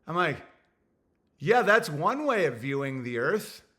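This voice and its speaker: A young man hosts his own livestream, rambling crudely as he thinks out loud and reads viewer messages. His voice sits a little high for a man, with a sharp, bright edge to it. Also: big pitch swings, a little slow. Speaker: livestream host reading super chats. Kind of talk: casual livestream rant.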